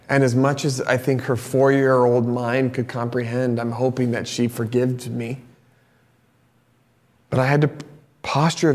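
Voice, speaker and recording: A man in his thirties, a pastor preaching a sermon through a personal story, candid and animated, sometimes turning soft and confessional. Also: mid-range voice. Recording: long reverb of a large hall.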